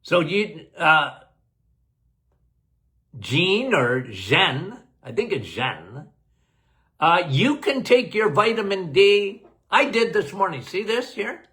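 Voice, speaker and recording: A man's voice: high-pitched, big pitch swings, slow, sharp tone. A man, a doctor, answering health questions in a casual live Q&A, emphatic and folksy, often laughing.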